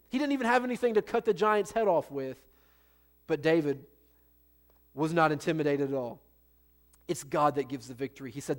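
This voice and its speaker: A male pastor giving a sermon, telling a story in a folksy, conversational way with asides to the congregation. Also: a little high.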